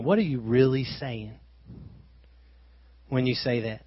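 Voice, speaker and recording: Male preacher, animated sermon delivery, quiet asides, dry muffled sound. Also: medium pitch, a little slow, long pauses, no room sound. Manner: animated, swings between loud emphasis and quiet asides.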